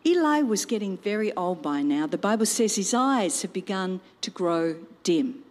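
A woman telling a Bible story in an expressive storytelling style, with personal asides. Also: mid-range voice. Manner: slow, animated storytelling with asides. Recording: long reverb.

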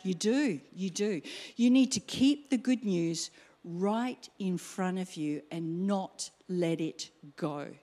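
A middle-aged woman preaching a sermon, acting out her own exclamations in an animated way. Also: on the low side, takes it slowly. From Australia.

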